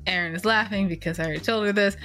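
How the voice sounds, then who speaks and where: A woman's voice: medium pitch, racing, bright, forceful tone, soft background music. A woman running a tabletop role-play game, chatting casually, swearing freely and laughing often.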